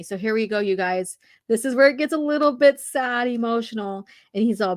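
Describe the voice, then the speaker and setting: A woman hosting a casual podcast, talking through a comic book and reading its dialogue aloud in slow, dramatic bursts, her voice slightly hoarse. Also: fairly high pitch, no room sound, clean studio sound. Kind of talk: casual comic read-along chat.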